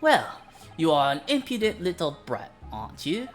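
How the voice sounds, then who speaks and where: A woman voicing a haughty upper-class English gentleman with a put-on posh accent, clipped and condescending. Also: sits low, very animated, moderate pace, soft background music.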